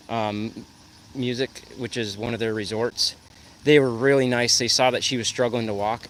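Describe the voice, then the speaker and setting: Hosting a relaxed livestream in the shade beside a pool, a man in a mid-range voice talks to his viewers and coos at his dog in a lighter sing-song tone. A little hiss or hum sits under faint outdoor sounds and geese.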